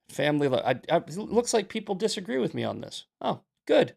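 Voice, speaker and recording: A man's voice: high-pitched, very animated, brisk, gravelly, hardly any pauses, a little mellow, breathy edge. A young man hosting a political livestream, arguing heatedly with his chat in a combative, ranting way. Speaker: political commentator and show host. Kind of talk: livestream commentary answering chat.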